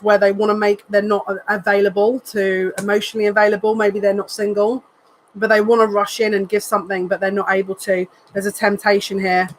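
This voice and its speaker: An earnest tarot reader working through a live card spread. They think aloud in short, repeated phrases, and their voice sits at a middle pitch with a faint hiss of background noise. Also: a bit bright, rough recording. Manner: emotional, says they are near tears.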